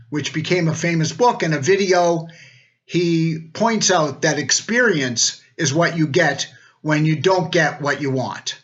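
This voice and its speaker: A man's voice: a little high, a bit bright, lo-fi sound. An older man, a retired law dean, giving a wry, joking recorded greeting.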